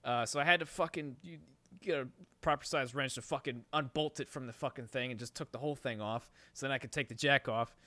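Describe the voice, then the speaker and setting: A man's voice: medium pitch, a little fast, dry recording. A young man hosting a podcast, telling a long rambling story with constant swearing and rising frustration. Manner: rambling, heavy swearing, gets worked up and loud. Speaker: podcast host. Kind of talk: casual storytelling.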